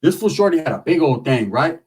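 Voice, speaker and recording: A man's voice: a little high, brisk, husky, far from the mic. Profane man telling a street story. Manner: loose street slang, animated with lots of acted quotes.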